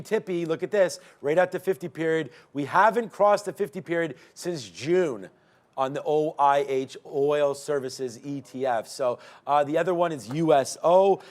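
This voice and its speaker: A man in his forties hosts a live trading stream from a studio, talking loosely about charts and drifting into stories. His voice sits a bit high for a man, and he stumbles and restarts often in a relaxed, chatty way. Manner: rambling, chatty, storytelling with many restarts. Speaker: trading show host. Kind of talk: casual live market commentary.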